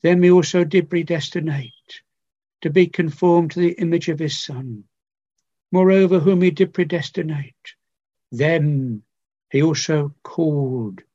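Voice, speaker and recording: An older man preaching a sermon, earnest and pleading, with repeated phrases and long pauses. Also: fairly high pitch, steady tone, mellow, no echo. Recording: dull lo-fi recording.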